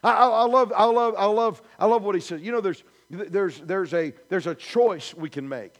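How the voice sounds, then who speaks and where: A man's voice: high voice, normal speed. A male pastor preaching a sermon in a church, emphatic and repetitive, building his points through repeated declarations. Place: church sanctuary.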